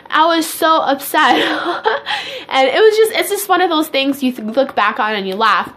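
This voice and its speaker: A young pregnant woman talks straight to her viewers in a casual vlog. Her voice sits a little high, and she tells her stories in a chatty, animated way, laughing as she goes. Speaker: pregnancy vlogger. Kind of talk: casual chat to camera.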